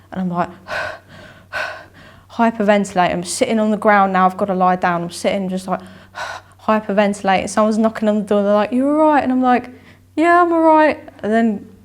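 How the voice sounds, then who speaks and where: A young woman recounts her fights in an interview, her voice sitting at an ordinary middle pitch. She rambles and circles back, repeating phrases as she goes. She slips into the voices of herself and those around her. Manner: rambling, repeats herself, acts out her own inner voice and dialogue. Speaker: amateur boxer, interview guest. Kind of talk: candid interview storytelling.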